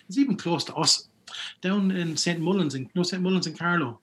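An Irish man spins folklore stories in a loose, rambling way, circling back and restarting his sentences. His voice sits a little on the high side for a man, and he keeps it lively and animated as he goes. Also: a little fast. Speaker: folklore collector guest. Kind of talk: casual storytelling chat.

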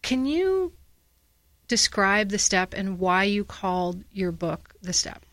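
A woman from the northern United States hosting an interview talk show, warm in her praise and enthusiastic as she asks questions. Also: medium pitch, very animated, slow, no room sound.

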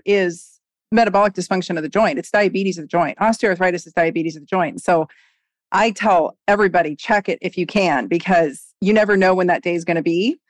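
A woman in her forties, a doctor guest on a podcast interview, talking in an animated, emphatic way. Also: mid-range voice, no echo. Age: 40s.

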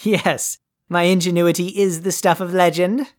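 A woman's voice: on the low side, steady tone, measured pace, a little mellow, close to an everyday voice. A woman playing a pompous, greedy, deposed male overlord in a comedy audio play, with a grandiose, haughty delivery. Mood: smug. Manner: grandiose, haughty and theatrically dry.

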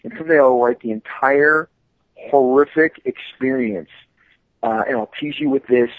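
A man on a podcast as a guest, telling stories about his work in a lively, animated way, full of stammered restarts. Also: medium pitch, normal speed, no echo, poor audio. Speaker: podcast guest, comic artist. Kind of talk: casual storytelling.

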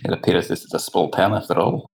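A man playing his character in a tabletop game, sly and easygoing. His voice sits very low with a gravelly rasp. He speaks at an unhurried pace. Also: steady tone, darkish tone. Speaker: player.

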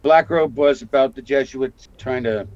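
A man's voice: normal speed, dry recording. A man in his sixties from Canada, an actor telling stories in a casual interview and acting out the voices of the people he quotes. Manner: animated storyteller, acts out quotes with big pitch jumps. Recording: muffled lo-fi audio.

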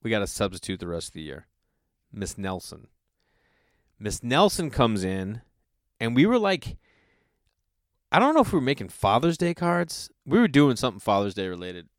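Profane comedian telling stories, dry sound. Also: male voice, mid-range voice, huge pitch swings, moderate pace, pauses often, no echo. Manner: loose, profane, acts out people he quotes. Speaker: comedian podcast host. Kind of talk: casual storytelling monologue.

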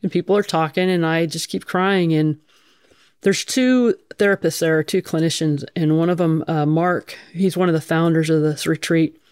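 A woman's voice: low voice, fairly even intonation, moderate pace, darkish tone, clear, resonant tone, no room sound, studio quality. A middle-aged woman, a firefighter, telling her story frankly in an interview, swearing casually and restarting her sentences often. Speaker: guest, firefighter.

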